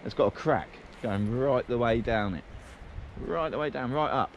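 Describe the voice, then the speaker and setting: The sound is lo-fi: a man with a medium-pitched voice speaks at a moderate pace while walking his dogs in the woods. He chats loosely to viewers, one thought leading to another, on a handheld camera, with wind and outdoor noise on a windy day.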